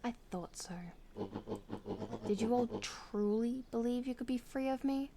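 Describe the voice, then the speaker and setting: A woman's voice: a little high, steady tone, noisy background, pitched above the performer's own voice. An Australian woman voicing a pompous, cruel old male bird villain in a storybook game, speaking in a theatrical, sneering way. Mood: gloating. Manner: theatrical, sneering, slow and grand.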